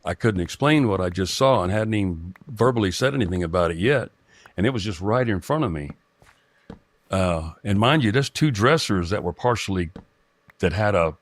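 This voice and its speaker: A middle-aged man telling a personal story in a halting way, with many restarts and fillers. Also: lowish voice, no echo. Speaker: guest telling a personal experience. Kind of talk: rambling first-person storytelling.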